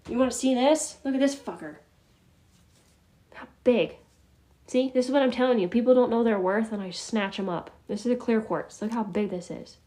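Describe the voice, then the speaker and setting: A woman's voice: on the high side, moderate pace, warm tone. Chatty, scattered woman showing crystals. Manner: chatty, scattered, laughs often, drops into asides. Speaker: spiritual class host. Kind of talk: casual live class, showing crystals.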